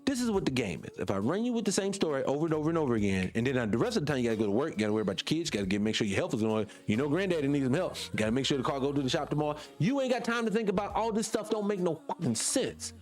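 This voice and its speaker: Talking off the cuff on his radio show, a Southern US-accented man preaches animatedly, throwing out rhetorical questions and casual swearing in a monologue. His voice is a little high and he speaks very fast, with few pauses.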